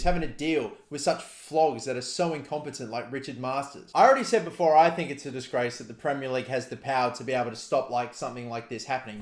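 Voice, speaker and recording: A young Australian man with an Australian accent, ranting furiously with heavy swearing. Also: medium pitch. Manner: furious, profane, heated ranting. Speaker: football fan vlogger. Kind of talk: angry rant to camera. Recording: roomy echo.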